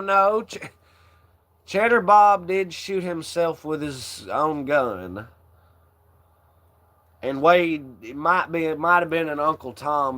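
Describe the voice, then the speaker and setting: A man's voice: a little high, pushed and bright. A young man hosting a casual chat, rambling in a laid-back way, swearing often and laughing along. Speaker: channel host.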